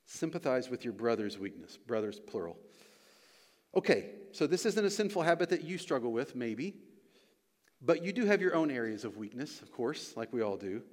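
A man preaching a sermon as pastor and church elder, earnest and repeating his key lines for emphasis. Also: mid-range voice. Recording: long reverb of a large hall.

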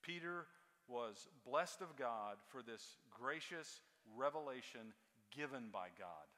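A male preacher delivers a sermon with a bright, forceful voice. He is emphatic, repeating key words for weight. His voice rings out with the long reverb of a large church hall. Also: mid-range voice, expressive, slow.

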